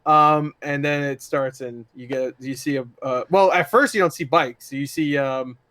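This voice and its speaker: A man's voice: mid-range voice, moderate pace, no echo. A man co-hosting a casual gaming podcast, joking sarcastically and swearing a lot. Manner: profane, sarcastic, animated storytelling. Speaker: podcast co-host. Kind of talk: casual chat.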